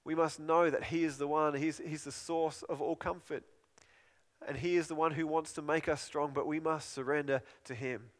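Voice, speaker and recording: A man's voice: fairly high pitch, in a large hall. A man preaching a sermon in an earnest, pleading way, often repeating and restarting phrases.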